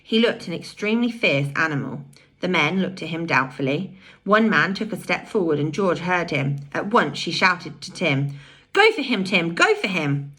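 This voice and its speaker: A woman reading a children's novel aloud with expressive storytelling. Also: on the low side, moderate pace, slightly rough. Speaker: audiobook reader.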